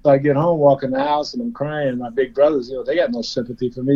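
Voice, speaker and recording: A man's voice: mid-range voice, steady tone, fast talker, few pauses, dark tone, dull audio. Self-deprecating man telling stories with laughs. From Indiana, USA. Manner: self-deprecating, laughing storyteller with frequent restarts. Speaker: guest, former player. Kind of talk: storytelling in a conversation.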